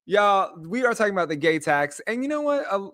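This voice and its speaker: Host slot: American man with a slightly higher voice, giggly and playful, very dry close sound. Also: very animated, fairly bright tone, dry recording. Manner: giggly, playful, drawn-out greetings. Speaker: podcast co-host. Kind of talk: casual chat.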